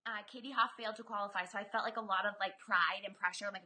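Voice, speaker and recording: Bright, upbeat woman in her 30s, lively storyteller guest on a video call. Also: mid-range voice, rapid-fire. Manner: animated, chatty, lots of fillers. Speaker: guest, former Olympic swimmer. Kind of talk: casual interview storytelling.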